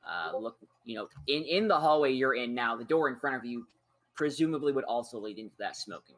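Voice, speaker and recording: A man's voice: mid-range voice, a little fast. Easygoing man running a tabletop game. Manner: easygoing, describes scenes in relaxed detail. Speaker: game master.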